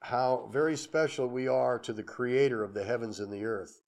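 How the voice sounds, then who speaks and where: A man preaching a sermon, swinging from emphatic declarations to hushed, reverent asides, with conversational anecdotes. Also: mid-range voice, fairly even intonation, moderate pace. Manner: conversational, with chuckles and acted-out anecdotes. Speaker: pastor.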